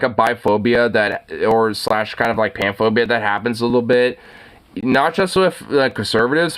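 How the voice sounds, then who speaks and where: A man's voice: fairly high pitch, fairly bright tone. A young man hosting a casual solo talk, ranting with lots of fillers, swearing and frequent laughter.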